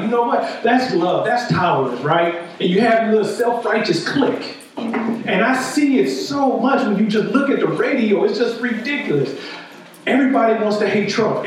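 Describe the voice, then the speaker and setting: High-voiced preacher in an echoey hall. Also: male voice, a little hiss or hum. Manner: conversational preaching, frequent "right?" asides. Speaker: pastor. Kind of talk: sermon. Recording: echoey hall, distant mic.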